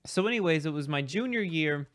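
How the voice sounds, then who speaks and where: A man's voice: fairly high pitch, lively intonation, a little fast, fairly bright tone, no echo. A young man streaming, improvising a comic story in a rambling, hesitant way with many restarts.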